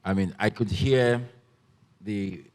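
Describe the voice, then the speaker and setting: Man from Nigeria, lowish voice, halting moderator questions, long hall reverb. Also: darkish tone, clear, resonant tone. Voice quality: halting, full of fillers and restarts. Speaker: panel moderator. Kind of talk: panel interview. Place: festival stage.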